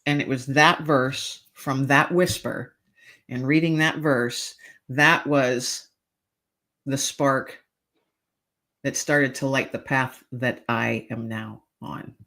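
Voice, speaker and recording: A woman's voice: rumbling low, steady tone, slow, a bit bright. Woman, middle-aged, podcast guest, earnest, emotional storytelling, hesitant restarts. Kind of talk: personal storytelling in an interview.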